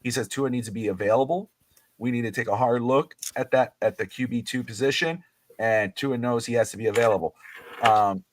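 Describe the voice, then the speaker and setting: A man hosting a casual sports talk show, animated and opinionated, with many fillers and restarts. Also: mid-range voice, no echo. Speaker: podcast host. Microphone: livestream mic.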